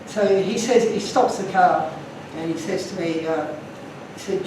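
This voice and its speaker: Man giving a talk, earnest and emotional, high-pitched, recorded from afar in a reverberant room. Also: unhurried, noisy background. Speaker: speaker. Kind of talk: illustrated talk to an audience. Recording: echoey room from far off.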